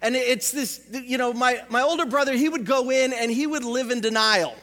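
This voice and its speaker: A man preaches in a lively storytelling way and keeps slipping into acted voices. His voice sits high and bright. It rings with the long reverb of a church hall. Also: normal speed, few pauses. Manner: animated, acts out voices in anecdotes, repeats words. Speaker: pastor. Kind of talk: sermon with acted family stories.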